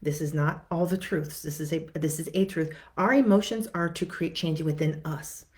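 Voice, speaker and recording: A woman's voice: low voice, moderate pace, darkish tone. A woman therapist giving a conversational teaching talk to viewers, repeating words and acting out what clients say.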